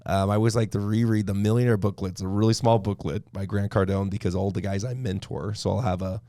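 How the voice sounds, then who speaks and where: A man's voice: fairly low pitch, steady tone, fast, warm tone, dry recording, studio quality. A man from Idaho hosting a podcast, talking in a rambling, conversational way with plenty of fillers. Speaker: podcast host. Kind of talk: casual interview chat.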